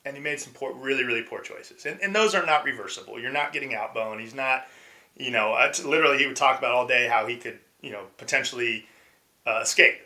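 A middle-aged man, a former pro baseball player, telling stories as a podcast guest, animated and acting out quotes with frequent restarts. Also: medium pitch, fast. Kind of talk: casual storytelling interview.

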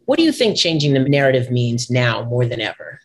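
A woman's voice: rumbling low, big pitch swings, a little fast. Woman interviewer: affirming, encouraging, firm on her points. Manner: supportive, affirming, wraps up with a firm takeaway. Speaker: podcast host, interviewer. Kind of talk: conversational interview.

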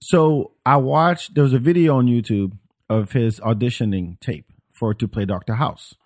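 A man from France with a French accent, hosting a podcast in casual chat, animated and swearing freely, with many restarts. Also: mid-range voice, normal speed. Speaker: podcast host.

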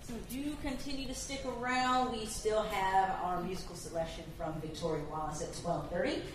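A woman's voice: medium pitch, fairly even intonation, moderate pace, background noise. A middle-aged woman hosting a teach-in, chatting in a conversational way. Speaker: event host. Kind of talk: casual hosting remarks. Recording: roomy, from far off the mic.

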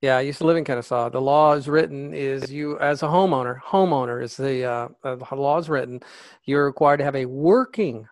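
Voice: medium pitch, brisk, no echo. Emphatic, dry-voiced podcast co-host. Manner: emphatic, retells stories with acted-out quotes. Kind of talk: casual political podcast chat.

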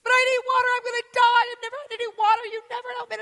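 A woman voicing a whiny young child who begs for water and wails in a high complaining voice. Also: little pitch movement, rapid-fire, bright, forceful tone, exaggerated voice. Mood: whining. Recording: echoey hall.

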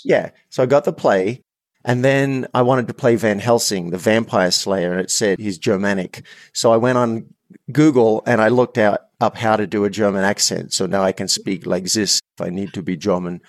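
An Australian man in his fifties, a coach telling stories as a podcast guest in an earnest, animated way with frequent restarts. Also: on the low side, moderate pace, dry recording, studio quality. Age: 50s. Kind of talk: storytelling in a podcast interview.

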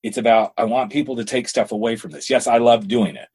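A middle-aged man hosting a podcast, chatting candidly and telling stories in a casual, expressive way. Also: medium pitch, fast, breathy edge. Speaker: podcast host.

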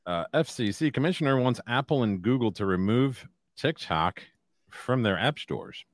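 A man co-hosting a casual podcast, relaxed, reading out news items and telling easygoing stories. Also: medium pitch, moderate pace, no echo. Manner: relaxed storyteller, reads news items aloud. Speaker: podcast co-host.

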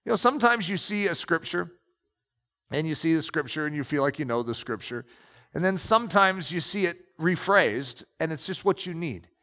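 A man's voice: on the high side, expressive, normal speed, sharp tone. A man preaching and reading aloud from a book, emphatic and storytelling. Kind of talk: sermon with read-aloud passages. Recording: long echoing reverb.

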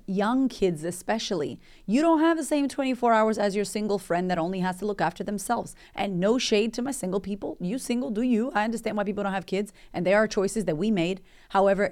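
A woman's voice: medium pitch, a little mellow. A woman, hosting a motivational podcast in a candid, emphatic, chatty way with swearing. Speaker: podcast host and coach.

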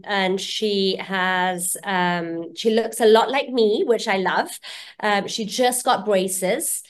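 A woman guest on a podcast talks at a middle pitch. She speaks thoughtfully and hesitantly, often pausing on fillers as she forms her ideas. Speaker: podcast guest, early childhood educator. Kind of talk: conversational podcast interview.

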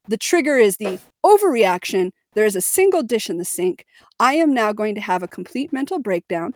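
A woman's voice: medium pitch, big pitch swings, a little fast, no echo. Candid woman telling her story, dry sound. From Missouri, United States. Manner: candid and emphatic, with laughs and fillers. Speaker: podcast co-host. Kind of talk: personal storytelling in a podcast chat.

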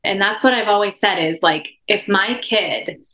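A woman in her thirties opens up as a podcast guest, her speech rambling and emotional, full of restarts and fillers. Her voice sits at a middle pitch. The recording carries a noticeable room echo. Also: normal speed, sharp tone. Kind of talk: candid personal conversation.

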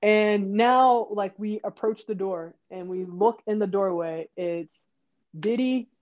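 A woman's voice: takes it slowly, highs cut off. A woman telling a story in casual chat, acting out what people said with big jumps in her voice. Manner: animated, acts out quotes with jumps in pitch. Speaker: guest.

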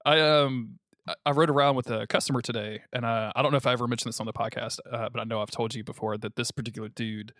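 A man's voice: mid-range voice, steady tone, fast talker, a bit bright, dry recording, clean studio sound. Storytelling man from the Southern US. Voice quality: storytelling, swears freely. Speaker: podcast co-host. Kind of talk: casual chat.

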